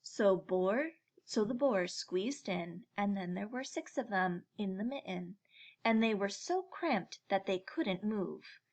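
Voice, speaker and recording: A woman reading a children's picture book aloud in a slow, gentle storytelling manner. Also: mid-range voice, animated.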